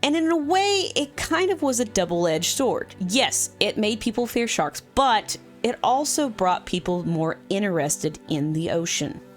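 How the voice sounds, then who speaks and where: A woman hosting a movie review vlog, chatty and animated with casual fillers. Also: fairly low pitch.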